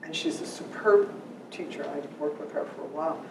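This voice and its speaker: An animated, teasing presenter giving an informal workshop talk to parents, telling stories as they go. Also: medium pitch, a little fast. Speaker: workshop presenter on working memory. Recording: echoey room, far mic, background noise.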